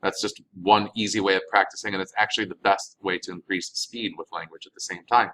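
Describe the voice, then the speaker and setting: A man with a somewhat low voice teaches a recorded lesson. He reads each phrase slowly and then explains what it means, in a patient, steady classroom manner. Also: rough recording. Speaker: Spanish teacher.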